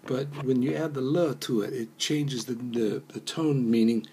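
A man's voice: mid-range voice, moderate pace, vocal fry, few pauses, mellow, a little hiss or hum. A man teaching a recorded language lesson, explaining step by step with fillers and patiently repeating phrases for learners to echo. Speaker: Mandarin teacher.

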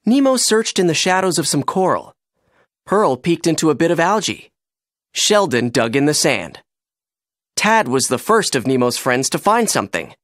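A narrator reading a children's storybook aloud in an expressive, animated way. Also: mid-range voice, moderate pace, no echo, clean studio sound.

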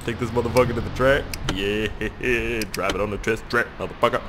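Sweary Canadian guy with a low voice. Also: a little fast, background noise. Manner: profane, excitable, talks straight to viewers. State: just woke up. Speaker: gaming video host. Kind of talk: casual gameplay commentary.

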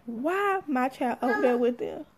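Sassy high-voiced woman telling a story. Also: unhurried, noisy background. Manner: animated, sassy, acts out quotes. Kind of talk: casual storytelling.

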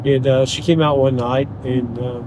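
A man's voice: mid-range voice, little pitch movement, moderate pace. An older man with a Southern accent, a driver and host chatting casually with a passenger in his car. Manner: chatty, playful, jokes with put-on accents. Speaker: rideshare driver and podcast host. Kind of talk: casual chat. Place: inside a car. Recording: noisy car interior.

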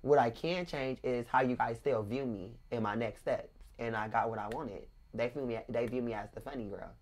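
Low-voiced woman, joking guest. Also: normal speed. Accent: African American Vernacular English, Los Angeles. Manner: joking, laughs often, animated when retelling. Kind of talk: casual interview chat.

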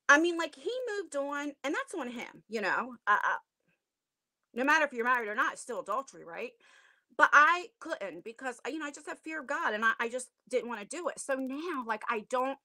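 A middle-aged woman hosts a casual home livestream from her attic, chatting straight into a tablet. Her voice sits high and sounds bright. She rambles with plenty of fillers, and the room sound is close and dry. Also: no room sound. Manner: chatty and rambling, many fillers, self-conscious laughs. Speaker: channel host. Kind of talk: casual livestream chat with viewers. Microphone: tablet device.

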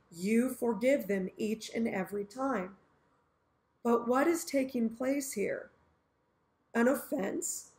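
A woman giving an earnest Bible teaching, explaining scripture through everyday scenarios she acts out. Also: sits high.

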